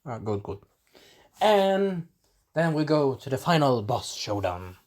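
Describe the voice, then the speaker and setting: A man giving a casual spoken episode recap, animated and breaking into character voices, clearing a scratchy throat. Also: takes it slowly. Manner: animated, acts out characters in sudden high voices. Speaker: video reviewer.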